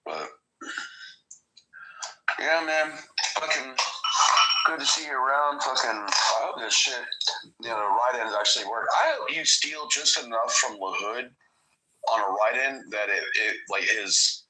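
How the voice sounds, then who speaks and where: A man in relaxed, profane casual chat as a podcast guest. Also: mid-range voice, unhurried, pauses often, noisy background. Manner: laid-back, profane, agreeable.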